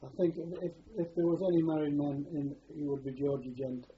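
A man's voice: fairly high pitch, fairly even intonation, fairly quick. An older man with a rambling, repetitive way of talking, recalling his wartime past in an oral history interview. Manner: rambling, repeats words while recalling. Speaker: interviewee, former prisoner of war. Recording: dull lo-fi archive tape with faint hiss.

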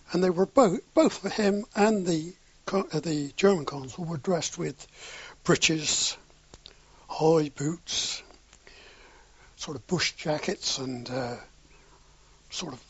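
Slow, husky elderly man. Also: on the high side, no echo. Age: older. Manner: anecdotal, acts out dialogue, chuckles. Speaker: interviewee. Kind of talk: oral history recollection. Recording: dull lo-fi recording.

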